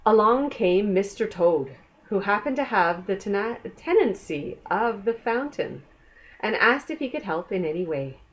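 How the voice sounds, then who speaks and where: A woman reading a picture book aloud to children, gentle and asking the listener questions. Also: medium pitch, expressive, a little slow. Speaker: storyteller.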